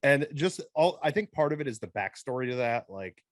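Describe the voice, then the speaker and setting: Male co-host, mid pitch, dry close sound, relaxed and reflective. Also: fairly quick, no echo. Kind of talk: casual chat.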